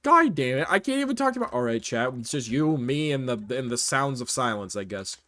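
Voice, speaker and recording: A man's voice: a little high, pushed and bright. A man streaming a game live with viewers, joking and bantering playfully. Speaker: streamer playing games with viewers.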